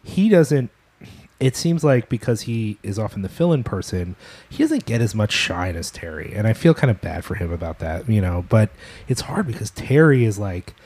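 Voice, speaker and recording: A man's voice: on the low side, very animated, moderate pace, darkish tone, breathy edge. A man from Philadelphia hosting a podcast, chatting casually with a guest, joking and swearing lightly as he talks. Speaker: podcast host. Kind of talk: casual interview chat.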